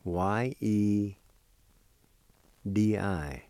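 A man teaching a language lesson, spelling and pronouncing words slowly, letter by letter, and encouraging his listeners. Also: fairly low pitch, warm tone, smooth, dry recording. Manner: slow, deliberate, spells letter by letter. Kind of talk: slow spelling and pronunciation lesson.

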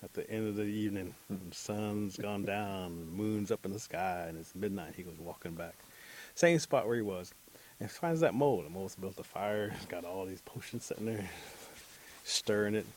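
A man telling a folk tale aloud in a relaxed, chuckling way, acting out the characters. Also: lowish voice, normal speed, a little hiss or hum, rough recording. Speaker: storyteller. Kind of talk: oral folk tale storytelling.

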